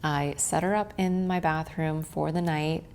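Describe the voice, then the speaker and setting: A woman vlogger narrating a voice-over in a gentle, relaxed way. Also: low-pitched, measured pace, slight background noise.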